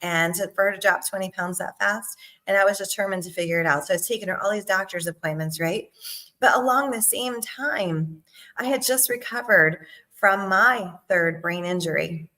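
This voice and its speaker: Bright-voiced, emphatic woman sales coach. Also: mid-range voice, moderate pace. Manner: animated, emphatic, frequent "right?" and "okay?" asides. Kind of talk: casual talk to camera.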